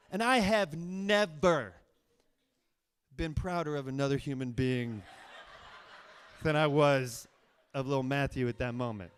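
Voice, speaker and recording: A young man telling a funny story live on stage, swinging from hushed asides to loud, excited telling. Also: mid-range voice, slow pace, long pauses, clear, resonant tone. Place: live stage before an audience.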